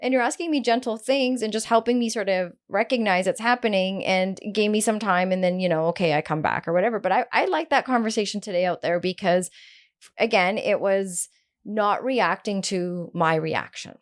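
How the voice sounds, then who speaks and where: A woman co-hosting a relationship podcast, candid and animated, who tells stories and swears casually. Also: medium pitch, moderate pace. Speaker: podcast co-host. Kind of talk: casual chat.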